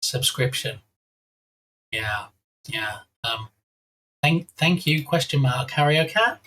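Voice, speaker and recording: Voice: medium pitch, animated, slow, pushed and bright. A live-stream host chatting casually and playfully, reading out viewer names and thanking them one by one. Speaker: livestream host.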